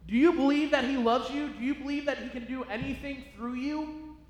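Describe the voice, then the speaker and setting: A man's voice: very high voice, steady tone, brisk. A male pastor preaching a sermon in a church, emphatic and repetitive, encouraging his listeners. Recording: echoey hall.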